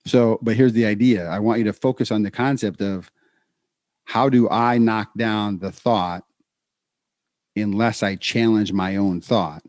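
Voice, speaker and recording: A man's voice: lowish voice, no room sound, clean studio sound. A man co-hosting a podcast in casual chat, telling stories with many restarts. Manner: storytelling, animated, quick restarts. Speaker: podcast co-host.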